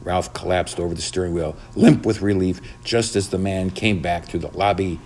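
Low, husky man reading a storybook. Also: moderate pace. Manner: dramatic, expressive reading. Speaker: narrator. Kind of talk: storybook narration.

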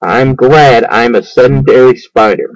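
A man reading an audiobook, voicing a wise, calm female spider in a measured, matter-of-fact way. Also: medium pitch, dry recording, natural voice, poor audio.

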